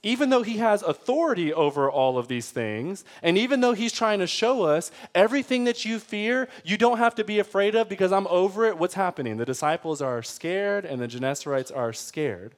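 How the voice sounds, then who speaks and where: A man's voice: high voice, expressive, a little fast, hardly any pauses. A man preaching a sermon in a conversational way, often checking in with his listeners and acting out pleading voices. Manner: acts out pleading voices with rising intensity. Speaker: pastor.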